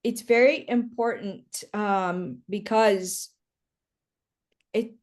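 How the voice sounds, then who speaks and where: A woman's voice: medium pitch, fairly even intonation, extremely slow. A woman working as a psychic medium, giving a chatty reading on a video call with many fillers. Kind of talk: live online reading.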